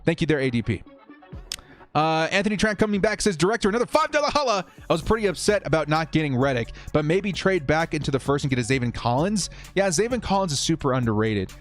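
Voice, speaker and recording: A man's voice: a little high, fast talker, soft background music. Fired-up man hosting a live-stream. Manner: animated, fired-up opinions. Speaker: football live-stream host. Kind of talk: casual live-stream chat, reading viewer comments.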